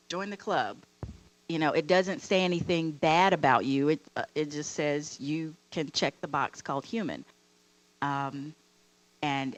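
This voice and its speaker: A woman with a lowish voice speaking on a panel. She talks frankly and reassuringly, pausing on fillers as her thoughts trail off. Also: rough recording. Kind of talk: encouraging panel talk.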